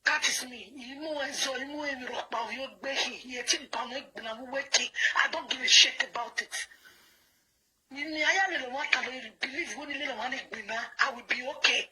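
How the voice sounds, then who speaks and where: A woman's voice: sits high, a little fast, a crowd in the background, low-quality recording. A woman with a Nigerian accent, calling in angry and insistent, pressing her points hard with repeated words. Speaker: caller. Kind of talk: heated phone call.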